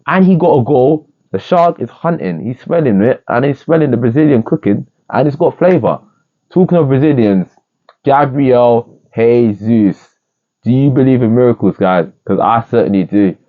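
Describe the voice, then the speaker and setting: A man giving a casual, rambling review of a football match, jokey and excitable. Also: medium pitch, moderate pace. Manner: excitable, rambling, jokey, with bursts of singing and quoting. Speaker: football fan vlogger. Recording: tinny phone-like sound.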